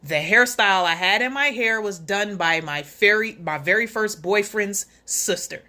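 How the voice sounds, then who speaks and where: Speaking at a moderate pace in a mid-range voice that sounds pushed and bright, this livestream host works through her chat on air. She calls out viewers by name and keeps up a sarcastic, laugh-filled banter.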